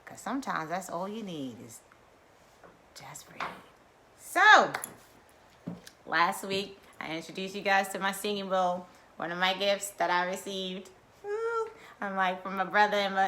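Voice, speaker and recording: A middle-aged woman hosting a wellness video, leading guided breathing and chatting in a lively, playful way. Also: medium pitch, unhurried, long pauses, slight background noise. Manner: lively, playful, drawls and chuckles. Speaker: wellness vlogger. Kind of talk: guided breathing and casual chat.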